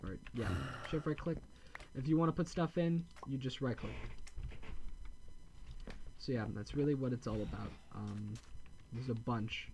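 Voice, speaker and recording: A man talking through a modded block-building game in loose, casual commentary. He rambles, corrects himself often and slips in deadpan dark jokes at a middling pitch. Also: a little slow, pauses often, slight background noise. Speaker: gameplay video host.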